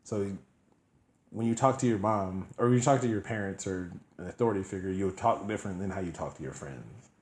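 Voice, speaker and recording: Lively and casual, a low-voiced man spins a story for his co-host, jumping into other people's voices and breaking into laughter. The room around him rings with echo. He keeps it loose and conversational throughout. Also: a little fast. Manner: animated storyteller, acts out quotes in voices, laughs often. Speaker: podcast co-host.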